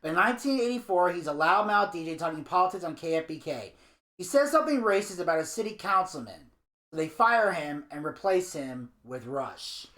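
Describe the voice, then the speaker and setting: A man's voice: a little high, brisk. Man co-hosting in a roomy room. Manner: animated storyteller, slips into impressions. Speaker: podcast co-host. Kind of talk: casual review chat, reading episode notes.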